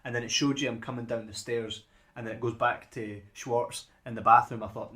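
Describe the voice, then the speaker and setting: Talking fairly quickly in a mid-range, steady voice with a sharp edge, a man co-hosts a casual podcast about movies. He rambles and repeats words as he works toward what he means.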